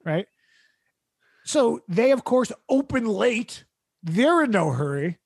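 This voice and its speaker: High-voiced man telling a sarcastic story. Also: sing-song, slow pace, creaky, no echo. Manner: sarcastic, exasperated, laughs through his story. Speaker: podcast host. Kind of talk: comedic storytelling rant.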